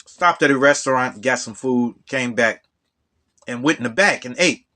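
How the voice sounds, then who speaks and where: A man telling a true story in a casual way. He repeats words and jumps up high when he gets indignant. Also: moderate pace, sharp tone.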